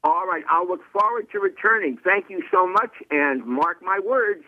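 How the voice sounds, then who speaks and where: A man's voice: sits high, expressive, moderate pace, no echo. Polite male guest on a phone line. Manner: polite, formal.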